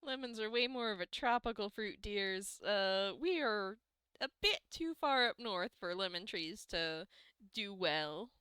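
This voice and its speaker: Woman game master, slow delivery, crisp clear voice, dry close sound, folksy teasing. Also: medium pitch, lively intonation, bright, forceful tone, no echo. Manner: laughs often, folksy teasing. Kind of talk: narrating a tabletop game.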